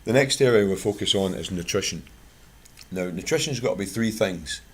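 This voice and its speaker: Speaking low and husky at a moderate pace, this Scotsman keeps his intonation lively. He's the bird club's guest speaker, chatting plainly and weaving anecdotes in among his product recommendations.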